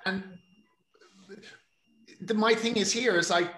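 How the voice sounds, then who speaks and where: A man's voice: high voice, slow, bright, forceful tone. An Irish man in casual chat, rambling and swearing freely as he tells stories. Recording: echoey room.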